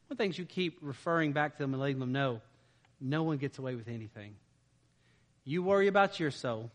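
A man's voice: medium pitch, animated, fairly quick, in a large hall. A man preaching a conversational sermon, informal and often checking in with "right?". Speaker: pastor.

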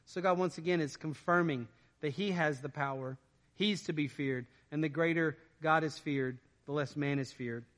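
In a church, a pastor with a high, bright, forceful voice reads scripture aloud and then explains it in plain, everyday language. He speaks at a normal speed.

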